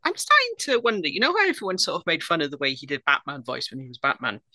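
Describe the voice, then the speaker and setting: Lively woman with a bright voice. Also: low-pitched, fast, slight background noise. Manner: animated, swears, acts out quotes. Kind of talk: casual film discussion.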